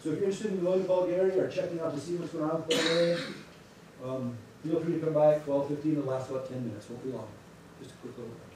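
Pastor, male, animated storyteller; distant mic, big room echo, faint hiss. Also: a little high, fast talker. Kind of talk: church announcements before a sermon. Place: church sanctuary. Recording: echoey sanctuary, distant mic.

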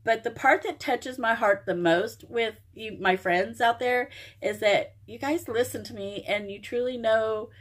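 A middle-aged woman from Oklahoma gushing over craft supplies in an unboxing vlog, exclaiming often. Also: on the high side. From Oklahoma, USA. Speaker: crafting vlogger. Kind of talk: happy mail unboxing vlog.

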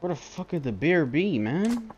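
A young man rants and curses his way through a game, exasperated and blunt. His voice swings widely in pitch and sits a bit higher than most men's. A faint hiss of noise runs under the recording. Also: very animated, normal speed, darkish tone. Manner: cursing, exasperated, ranting. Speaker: gamer. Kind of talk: frustrated gameplay commentary.

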